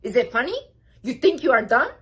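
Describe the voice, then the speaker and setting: A woman's voice: on the high side, sing-song, brisk, fairly bright tone, slightly rough. Emphatic young woman giving blunt advice. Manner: emphatic and blunt, repeating key phrases. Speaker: self-help vlogger. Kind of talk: motivational advice monologue.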